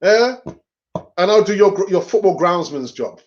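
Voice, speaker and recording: Lively man chatting on a stream. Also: sits high, muffled recording. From North London. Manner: chatty, laughs often, does quick voices. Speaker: fan channel host. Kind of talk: casual live-stream chat.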